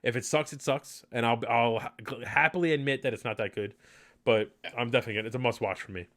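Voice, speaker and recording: Male podcast host, casual and enthusiastic, middle pitch, loose rambling delivery. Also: steady tone, quick pace, a bit bright. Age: adult. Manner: chatty, enthusiastic, rambling with fillers. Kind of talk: casual live podcast chat.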